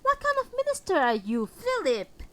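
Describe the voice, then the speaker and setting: A woman voicing a stern, pious older mother who scolds in a shrill, strident voice. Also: huge pitch swings, normal speed, heavily acted, low-quality recording. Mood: indignant scolding.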